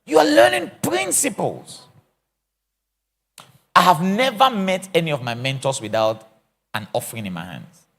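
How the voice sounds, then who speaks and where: Brief: middle-aged man, apostle preaching, high-set husky voice, acts out scenes. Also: unhurried, pauses often. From Africa. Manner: animated, theatrical, acts out scenes and jokes. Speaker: apostle teaching a church session. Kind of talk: lively teaching sermon.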